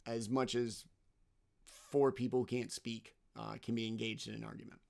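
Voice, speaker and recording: A man narrating a tabletop game as game master, halting and full of ums and uhs. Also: medium pitch, little pitch movement, creaky.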